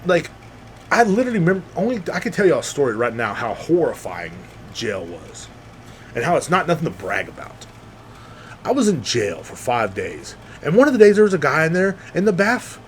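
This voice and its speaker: Male host, young, rambling and lively, slightly high voice, faint noise behind. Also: fairly quick. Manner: rambling, animated, acts out quoted people. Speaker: podcast host. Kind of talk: casual monologue.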